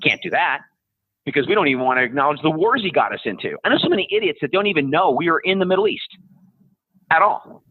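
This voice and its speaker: A blunt man in his fifties rants through a tinny, phone-like line, his voice dry and close. He talks in a fairly high, husky register, profane and sarcastic. He mocks people as he goes. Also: lively intonation, fast talker, no room sound. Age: 50s. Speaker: podcast guest. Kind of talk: ranting casual conversation.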